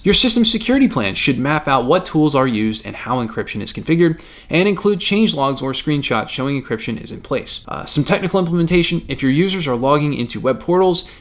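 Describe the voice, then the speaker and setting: Joking man explaining compliance rules. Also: medium pitch. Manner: joking, conversational. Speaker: compliance consultant. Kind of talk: explainer video.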